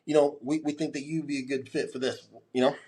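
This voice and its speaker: Animated man telling war stories. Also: fairly high pitch, fast, slightly rough. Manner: animated storyteller, acts out quoted dialogue. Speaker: guest. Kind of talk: storytelling in a podcast interview.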